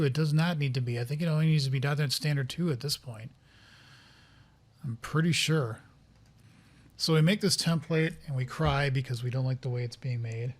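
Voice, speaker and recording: A man talking casually to viewers as he sets up a software project, rambling, thinking aloud and getting flustered by interruptions. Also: mid-range voice, steady tone, normal speed, long pauses. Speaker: software developer streaming a coding session. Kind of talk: casual live-coding commentary.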